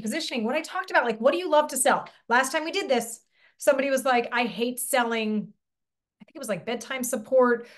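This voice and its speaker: A woman business coach talks through a live online lesson in a loose, conversational way. Her voice sits a little high, and she keeps checking in with her listeners with quick questions and the odd mild curse. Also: a bit bright. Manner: casual, chatty, swears lightly, asks the audience questions.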